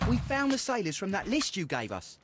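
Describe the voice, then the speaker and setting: High, bouncy young game errand-runner, eager and quick. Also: male voice, wildly swooping pitch, background noise. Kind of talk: video game character dialogue.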